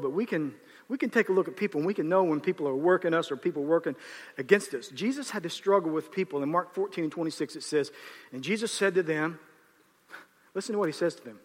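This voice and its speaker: A man's voice: on the high side, a bit bright, breathy edge. A man preaching a sermon as pastor, impassioned and rising to fervent exhortation. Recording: long hall reverb.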